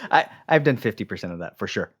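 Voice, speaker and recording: A man co-hosting a casual podcast conversation, blunt and wry and quick to laugh. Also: on the low side, expressive, a bit bright, husky. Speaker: podcast co-host.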